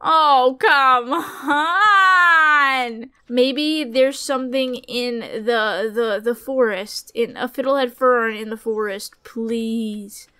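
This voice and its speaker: Young woman streamer, high-ish voice, chatty and dramatic, scolds game characters, gasps at loot. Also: slow, hardly any pauses. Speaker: gamer. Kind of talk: casual gameplay commentary.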